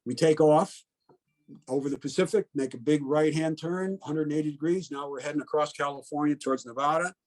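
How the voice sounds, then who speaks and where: His voice is a little high and somewhat dark, with fairly even intonation and a slightly fast pace. A Connecticut veteran in his seventies is being interviewed for an oral history, recounting his experiences in a plainspoken, blunt manner, frequently in the present tense and peppered with "you know."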